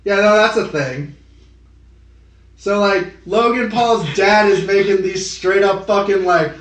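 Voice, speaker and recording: Young male podcast co-host, high voice, roomy distant sound, rambling and animated. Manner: rambling, profane, animated with quick impressions. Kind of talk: casual chat. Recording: echoey room, off-mic.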